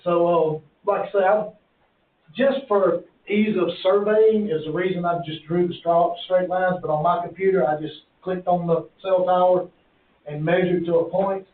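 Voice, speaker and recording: A man's voice: high voice, steady tone, normal speed. A man explaining a land survey at a county hearing, folksy and rambling. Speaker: applicant's representative. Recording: echoey, tinny, far from mic.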